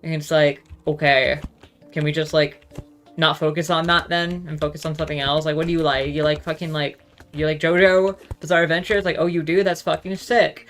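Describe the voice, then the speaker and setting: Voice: medium pitch, little pitch movement, a little fast, a bit bright, faint music behind. A speaker ranting casually in a rambling monologue, swearing freely and filling every gap with "like.". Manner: rambling, profane, heavy use of "like". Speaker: solo talk show host.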